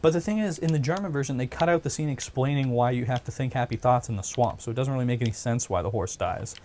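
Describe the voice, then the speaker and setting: A man's voice: mid-range voice, fast talker, a little mellow, a little hiss or hum. A man chatting casually while gaming, rambling through stories with frequent laughs.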